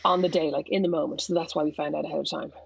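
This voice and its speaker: A woman's voice: low voice, steady tone, rapid-fire, vocal fry, husky, no echo. A woman author speaking as a podcast guest, candid and reflective, often restarting her sentences. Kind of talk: casual conversational interview. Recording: dull, lo-fi audio.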